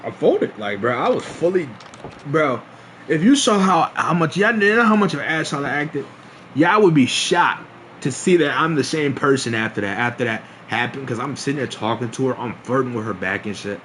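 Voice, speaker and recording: A man's voice: mid-range voice, lively intonation, moderate pace, a bit bright, a little hiss or hum. A young man streaming a casual storytime, laughing often and restarting his sentences in slangy talk.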